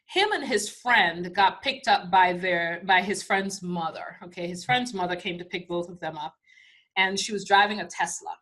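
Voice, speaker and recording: Animated middle-aged woman telling a story. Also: medium pitch. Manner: animated, laughs often, acts out voices. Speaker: spiritual teacher. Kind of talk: casual storytelling talk.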